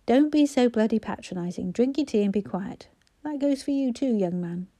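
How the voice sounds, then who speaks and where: A woman voicing a grumpy one-eyed old man who talks gruffly and bluntly. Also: medium pitch, moderate pace, dark tone, dry recording. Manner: gruff, curt.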